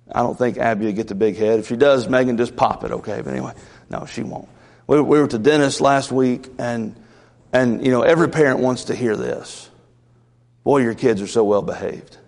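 A man's voice: medium pitch, darkish tone, big-room sound. A man from the South, a pastor preaching a Wednesday night sermon in an earnest, conversational way with asides. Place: church sanctuary.

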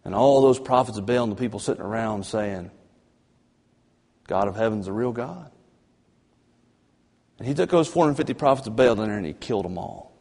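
A man preaching a fervent sermon as pastor, swinging between loud emphasis and low, drawn-out passages. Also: lively intonation. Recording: long church reverb.

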